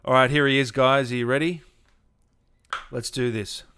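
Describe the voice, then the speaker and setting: Male host, casual live-stream chat, mid-pitched voice, excitable, informal, video call mic. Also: normal speed, noisy background. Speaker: gaming show host. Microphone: home microphone on a video call.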